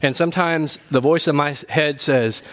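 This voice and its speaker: High-voiced man preaching a lively sermon. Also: normal speed. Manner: animated, humorous preaching with rising emphasis. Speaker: pastor. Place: church.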